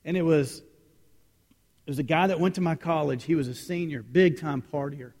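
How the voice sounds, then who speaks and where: A man preaching a sermon as pastor, telling a personal story and moving between loud lines and hushed ones. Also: a little high, normal speed, in a large hall.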